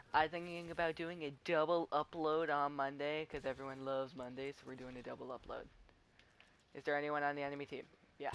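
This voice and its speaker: A man's voice: on the high side, fairly bright tone, a little hiss or hum. A teenage boy giving rambling, chatty live commentary over his gameplay. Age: teens. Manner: rambling, chatty, tells stories with restarts. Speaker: gaming commentator.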